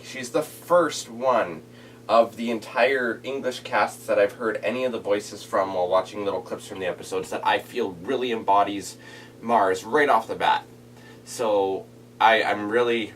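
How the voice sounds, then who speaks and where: A man's voice: sits low, a bit bright, distant mic, a little hiss or hum. A man talking casually in a reaction vlog, rambling with many restarts and fillers. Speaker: vlogger reviewing anime dub voices. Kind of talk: casual reaction video monologue.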